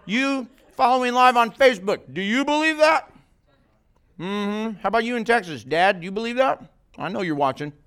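A pastor with a fairly high voice gives a relaxed, conversational sermon. He keeps checking in with his small audience by asking them questions. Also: fairly quick, clean tone. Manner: conversational, asks the listeners questions often. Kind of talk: informal sermon to a small group. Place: church meeting room, live-streamed.

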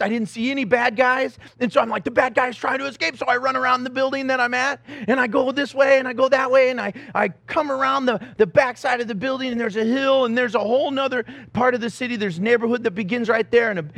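A middle-aged man delivers a sermon in a high, bright-pitched voice. He tells a story against himself with lively energy and acts out each scene. The sound is dry and close, with no room echo. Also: vocal fry. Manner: animated storytelling, self-mocking, acts out the scenes. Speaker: pastor.

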